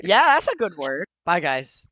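A woman's voice: lowish voice, big pitch swings, measured pace, a bit bright, low-quality recording. A young woman gaming YouTuber in casual chat, laughing often, exclaiming and swearing.

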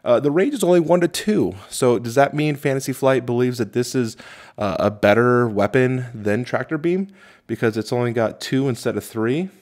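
A man reviewing a tabletop game, reading rule text aloud slowly and thinking out loud with many fillers and restarts. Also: medium pitch. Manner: halting, many fillers, reads rules slowly.

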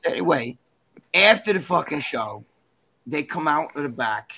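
A man tells an anecdote in an interview, in a bright, forceful voice that sits a little high for a man. His delivery is animated and rambling, and heavy with swearing. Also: unhurried, slightly rough. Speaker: interview guest. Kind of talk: casual storytelling.

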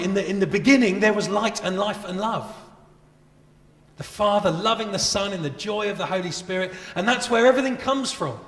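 A pastor with a fairly high, fairly bright voice preaches a sermon in a church, earnest and conversational, putting many rhetorical questions to his listeners. The recording echoes with the church's long reverb.

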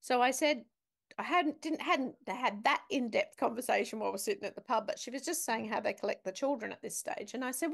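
Her voice is a little high and creaky, moving fairly quickly. As a guest on a talk show, this business academic spins a vivid, emphatic story in conversation and asks the listener questions.

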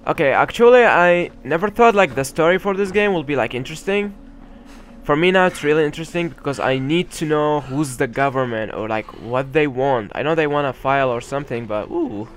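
A man's voice: a little high, fairly quick, slight background noise. A man commenting on a video game as he plays, musing hesitantly with many fillers. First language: Arabic. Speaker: gamer. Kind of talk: let's play commentary.

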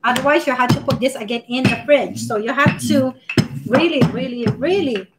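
A woman hosting a casual live baking stream, chatting warmly with viewers, greeting them by name and laughing often as she works. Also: high-pitched, normal speed, noisy background.

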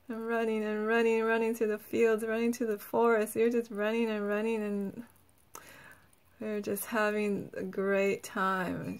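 A woman energy healer who talks gently and soothingly in a guided healing session, laughing often and saying "like" a lot. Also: on the high side.

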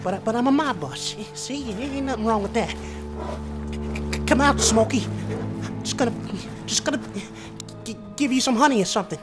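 A man's voice: very high-pitched, moderate pace, voice pushed up. A man voicing a brash, foul-mouthed mafia mob boss during in-character game commentary, swearing constantly and swinging between cocky boasts and jittery nerves. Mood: nervous bravado. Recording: game music clearly behind the voice. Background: game music.

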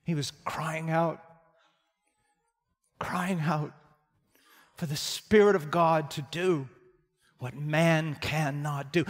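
Male preacher, high-voiced, storytelling sermon that swings from hushed to shouting, reverberant church hall. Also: steady tone, slow pace, pauses often.

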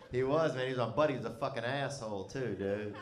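A man's voice: mid-range voice, echoey room. A man telling a comic story in a loose, rambling, profane way, often breaking into laughter. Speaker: comedian.

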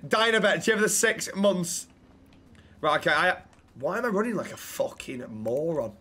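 A man's voice: on the high side, lively intonation, moderate pace, sharp tone, slightly rough. A young man streaming a role-play game, chatting casually and swearing freely. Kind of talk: casual role-play and chat shout-outs.

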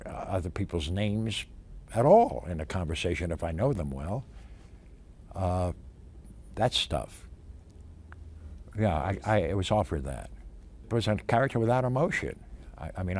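An older male actor being interviewed about his career, talking in an emphatic, animated way with many restarts and stammers. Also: sits low, husky.

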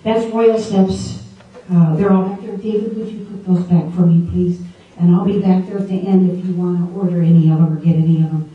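A woman's voice: on the low side, fairly even intonation, a little fast, narrow, tinny audio. A woman preaching a sermon to a room of women, emphatic and asking the audience questions directly. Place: large echoey meeting room. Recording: very echoey room, distant mic.

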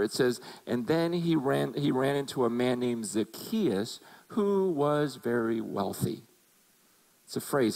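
A man's voice: high-pitched, gravelly, low-quality recording. A man preaching a sermon as a pastor, conversational and emphatic, acting out quotes as he goes.

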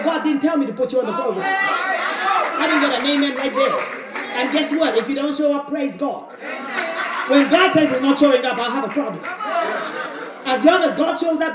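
A woman pastor preaching a fiery sermon with call-and-response, rising often into shouts. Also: high voice, very noisy. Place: church sanctuary with congregation. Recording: echoey church with crowd.

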